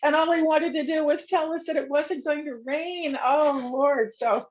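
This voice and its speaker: A woman guest telling travel anecdotes in a casual chat, lively as she recounts them. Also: high-pitched, moderate pace, lo-fi sound, a little hiss or hum. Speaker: guest, pilgrim author.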